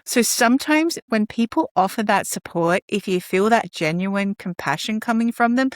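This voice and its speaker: Woman guest in her younger adult years, earnest and lively, recorded dry and close. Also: mid-range voice, normal speed, dry recording. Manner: earnest, animated, laughs often. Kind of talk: conversational storytelling.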